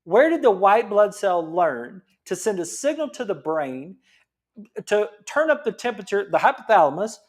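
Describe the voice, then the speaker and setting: A man's voice: high voice, very animated, moderate pace. A middle-aged man, a chiropractor giving a fired-up, preachy health talk full of rhetorical questions.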